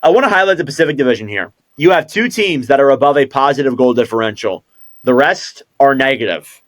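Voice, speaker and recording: A man's voice: mid-range voice, expressive, fast talker. A man co-hosting a sports podcast speaks in an everyday mid-range voice. He talks loosely, thinking aloud and often hedging. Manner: rambling, hedging. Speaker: podcast co-host. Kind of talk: casual sports chat.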